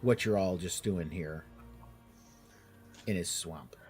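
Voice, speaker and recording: A man running a tabletop game as game master, narrating in a halting way with many fillers and restarts. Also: sits low, a little mellow, soft background music.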